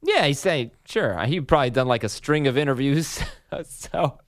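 A man hosting a sports radio show, taking calls and moving the conversation along briskly. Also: medium pitch, animated, no room sound, clean studio sound.

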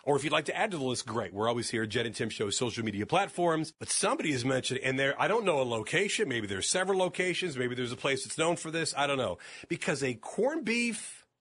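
A man's voice: mid-range voice, animated, quick pace, hardly any pauses, fairly bright tone, husky. A man co-hosting a morning radio show, chatting casually and joking as he rambles between topics.

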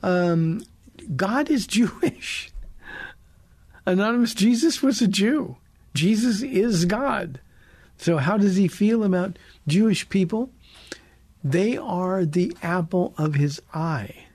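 A man who is a pastor and radio call-in host, teaching the Bible in an earnest, preacherly way, leaning on slow, emphatic words, from a close studio mic. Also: high voice, lively intonation, darkish tone, dry recording. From United States.

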